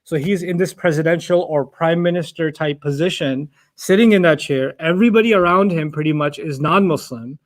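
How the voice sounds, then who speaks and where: A man's voice: on the high side, fairly quick, few pauses. A man giving a Quran lesson. He recites Arabic verses in a chant and explains the Arabic words patiently and at length. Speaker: Quran teacher.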